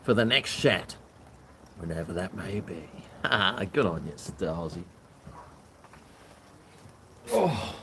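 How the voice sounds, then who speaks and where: An Australian livestream host chats casually from his house, indoors and out on a balcony, rambling with jokey asides and talking to his dog. His low voice is very animated yet slow and sharp-toned, with long pauses. The room is echoey, with faint background noise.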